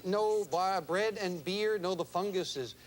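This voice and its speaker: A man's voice: high-pitched, measured pace, over loud music. A man hosting a TV game show, chatting with contestants in upbeat studio banter. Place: TV studio with audience.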